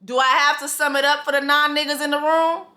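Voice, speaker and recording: Recapping a TV episode, a woman rants for comedy in a high, bright voice that moves little in pitch. Cursing without restraint, she laughs often and voices the characters in rapid snippets.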